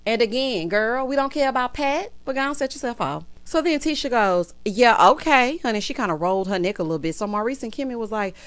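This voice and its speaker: A woman's voice: a little high, a little fast, hardly any pauses, clean tone. Sassy gossiping woman. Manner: sassy, gossipy, lively, laughs loudly. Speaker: reality TV recap host. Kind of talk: casual recap commentary.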